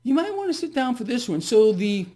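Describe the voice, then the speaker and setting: A man's voice: very high-pitched, sing-song, a little fast, dark tone. A male host delivering a blunt, ranting solo commentary on the markets. He talks sarcastically and mockingly, with heavy emphasis and sudden bursts of scorn.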